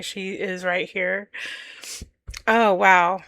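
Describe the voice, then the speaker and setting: A woman hosting a podcast, talking candidly and emotionally about her own feelings in a slow, searching monologue. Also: medium pitch, level tone, pushed and bright, clean tone, dry recording. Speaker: podcast host. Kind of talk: personal reflective monologue.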